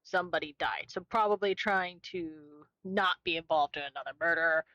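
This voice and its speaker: A woman's voice: fairly low pitch, normal speed, sharp tone, no echo, lo-fi sound. A young woman streamer chatting casually while she plays a cozy game with a friend. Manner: chatty, playful, talks to a co-host and chat. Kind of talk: casual gameplay commentary.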